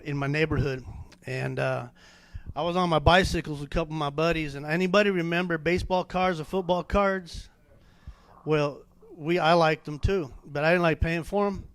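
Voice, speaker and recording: A man giving an animated personal testimony at a church men's meeting, with many fillers and restarts. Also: a little high, no room sound. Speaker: testimony speaker.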